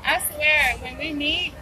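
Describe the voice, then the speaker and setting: A woman talking casually and excitedly to her viewers in a vlog, gushing and calling them y'all, with food in her mouth. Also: high voice, noisy background. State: eating while talking. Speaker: vlogger.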